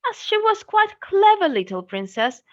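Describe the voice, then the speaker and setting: A woman from Russia with a Russian accent, telling a fairy tale in English in an expressive, dramatic way. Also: very high voice, moderate pace, highs cut off. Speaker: English teacher telling a story. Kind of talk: storytelling.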